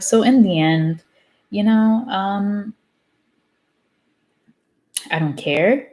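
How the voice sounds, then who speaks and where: A woman's voice: mid-range voice, extremely slow, pauses often, mellow. A woman reading a self-help book aloud in a casual way, often stumbling over and rereading words and breaking off into candid side comments. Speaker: book reader.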